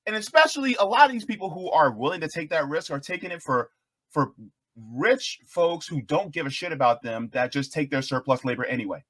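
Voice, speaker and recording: Bright, lively man host. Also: fairly high pitch, a little fast, dry recording. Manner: chuckling, lively, reads headlines aloud. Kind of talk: casual commentary chat.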